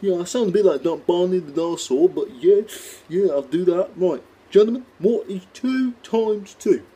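High husky smug teacher, very dark muffled tone, raspy. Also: male voice, lively intonation, moderate pace. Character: dim, self-assured male maths teacher.

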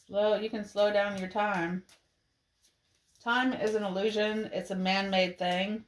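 Female tarot reader, slow measured delivery, gentle and encouraging tone. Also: medium pitch, steady tone. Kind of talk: tarot card reading for viewers.

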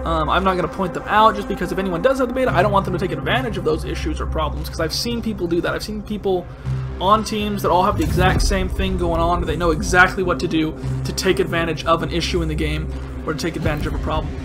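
Young male let's-player, high-pitched, self-mocking, shouts in bursts over loud music. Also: fast. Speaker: gaming channel host. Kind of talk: live gameplay commentary. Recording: music playing loudly underneath.

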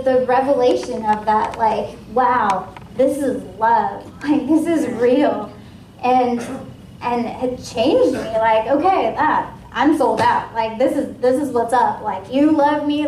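A woman from Washington State sharing a personal testimony at a ministry meeting, in a casual, lively way with many fillers. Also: on the high side, distant mic, a little hiss or hum. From Washington State, USA. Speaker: guest speaker at a ministry. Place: ministry meeting room with a live audience. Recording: echoey room, voice from off-mic.

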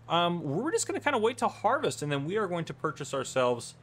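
A man's voice: high voice, big pitch swings, a little fast, fairly bright tone. A man casually commenting on his farming game, easygoing and rambling with lots of fillers. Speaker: gameplay channel host.

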